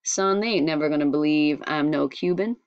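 Woman voicing a laconic grown man, drawling, low voice, dry lo-fi audiobook sound. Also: brisk, clean tone, dry recording, lightly acted. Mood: doubtful.

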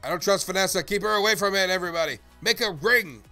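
A man's voice: high voice, fast talker, pushed and bright, soft background music. A man live-streaming a game, chatting playfully and greeting viewers by name as he plays. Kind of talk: casual live-stream chat.

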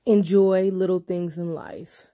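A woman's voice: lowish voice, fairly even intonation, takes it slowly, warm tone. A young woman vlogging casually, sassy and effusive, calling her viewers y'all and honey. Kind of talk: casual vlog chat.

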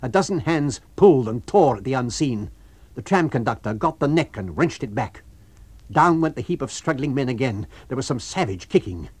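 Husky guy reading a story, super lively pitch, dramatic. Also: normal speed. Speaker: reader. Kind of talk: abridged audiobook reading.

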